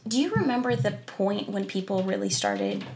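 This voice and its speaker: A woman's voice: medium pitch, huge pitch swings, moderate pace, darkish tone, slight background noise. A woman hosting a podcast interview, asking curious questions and offering short encouraging replies. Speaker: podcast host. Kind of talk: casual interview.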